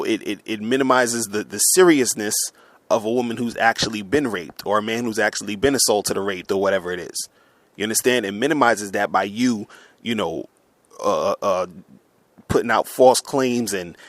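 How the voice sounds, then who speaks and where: A man's voice: lowish voice, fairly bright tone, no echo. A man in an angry, profane monologue, stumbling over words and restarting as he rants to his listeners. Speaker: online men's coach. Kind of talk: heated monologue rant. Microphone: audio recording for upload.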